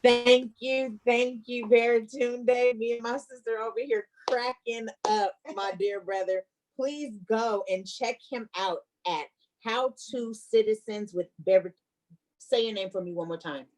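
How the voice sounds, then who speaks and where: Woman, event host, earnest, warm, thanks guests, video call. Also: on the high side, measured pace, rough recording. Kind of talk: hosting an online event.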